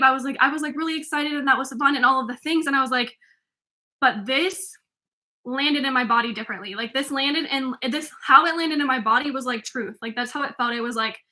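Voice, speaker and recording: A young woman in her twenties, a life coach, hosts her own podcast and talks alone in a casual, rambling monologue. Her high voice sounds bright and sharp, and she keeps restarting sentences and filling gaps with "like."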